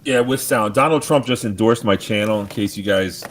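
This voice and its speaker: A man talking in an easygoing, soft way as a guest in a casual panel chat. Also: fairly low pitch, moderate pace, a crowd in the background. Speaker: panel guest and channel owner.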